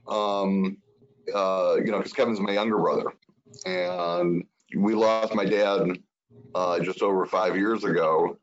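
A man's voice: low voice, animated, slow, gravelly. A man speaking as a senator guest in an interview, earnest and reflective. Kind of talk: political interview talk. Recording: dull lo-fi sound.

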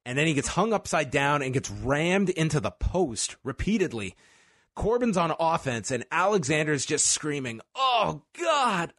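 Male podcast co-host, animated play-by-play recapper, dry booth sound. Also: a little high, no room sound. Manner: play-by-play recapping with laughs and asides. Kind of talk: casual recap chat.

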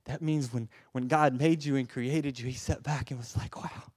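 Male preacher, sermon, passionate, hushed then emphatic, stammering repeats, mid-pitched voice, dry close sound. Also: steady tone, moderate pace, breathy edge, no room sound. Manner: passionate, swings from hushed to emphatic, repeats words when stirred.

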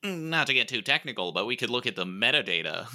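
A man's voice: medium pitch, sing-song, fast, sharp tone. A man co-hosting a podcast over a video call, chatting casually with dry jokes and frequent laughter. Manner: joking, laughs often, dry asides. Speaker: podcast co-host. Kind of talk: casual chat.

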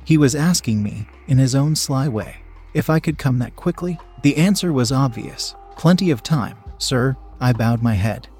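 A man reading a story aloud as narrator, in a steady, measured storytelling manner. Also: mid-range voice, husky, faint music behind.

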